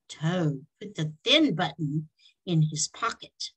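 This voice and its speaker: Slow, expressive woman reading a storybook. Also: low-pitched, breathy edge, low-quality recording. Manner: slow, expressive read-aloud. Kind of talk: reading a children's book aloud.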